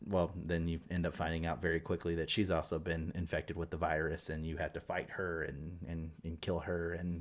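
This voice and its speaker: A man co-hosting a podcast, telling a story in casual chat with lots of swearing, fillers and excited asides. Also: low voice. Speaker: podcast co-host.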